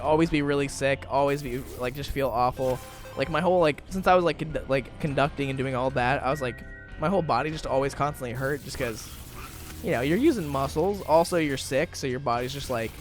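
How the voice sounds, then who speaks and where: A man in his twenties casually chatting while playing a game, rambling through stories with lots of fillers. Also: medium pitch. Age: 20s. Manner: rambling storytelling with many fillers. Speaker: gaming YouTuber. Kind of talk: casual let's-play commentary.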